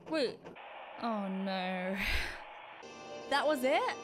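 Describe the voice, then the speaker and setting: A woman streamer giving excitable let's-play commentary, gasping and laughing as she reacts to the game. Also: a little high, extremely slow. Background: game music.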